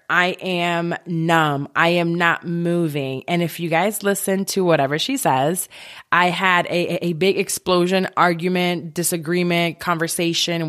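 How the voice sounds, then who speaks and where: A woman's voice: on the low side, fairly bright tone. A woman in her thirties hosting a podcast alone, talking candidly and emotionally about her struggles with frank swearing, from her home office. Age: 30s. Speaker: podcast host. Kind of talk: candid solo podcast monologue.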